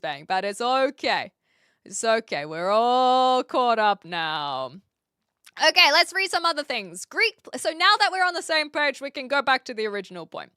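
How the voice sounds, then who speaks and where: A woman's voice: on the high side, pushed and bright, dry recording, studio quality. A woman chatting casually on a live stream, reading viewer comments and correcting herself as she goes. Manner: chatty, self-correcting, talks through restarts.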